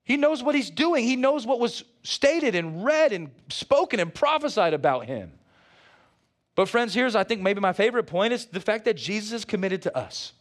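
Male pastor mid-sermon; high-set voice, lively and joking, keeps calling out to the church. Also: moderate pace. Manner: animated preaching with playful asides; calls out to the congregation.

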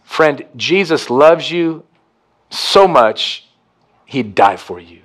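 A pastor preaching a communion sermon, swinging from hushed to emphatic. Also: male voice, a little high, lively intonation, slow.

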